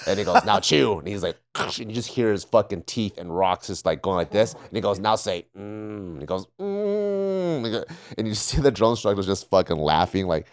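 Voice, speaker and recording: A man's voice: sits low, fast, hardly any pauses. A man on a podcast casually telling profane stories about military training, often laughing and acting out drill instructors. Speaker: podcast panelist, former Marine. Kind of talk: casual storytelling.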